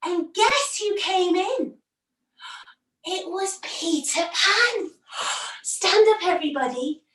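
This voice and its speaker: High, unhurried female kids yoga teacher, storyteller energy, recorded far off in an echoey room. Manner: animated, gasping with wonder. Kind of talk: story-led yoga lesson for children. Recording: roomy, from a distance.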